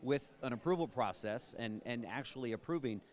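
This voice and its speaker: A man's voice: mid-range voice, lively intonation, brisk. A man interviewing an executive, mostly giving short agreeing replies and follow-up questions.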